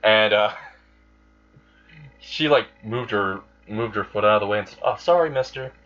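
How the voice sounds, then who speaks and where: A man's voice: fairly low pitch, steady tone, measured pace, sharp tone. A man improvising a fan story aloud in a rambling way, with fillers and self-corrections, on a dull lo-fi recording. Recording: dull lo-fi sound.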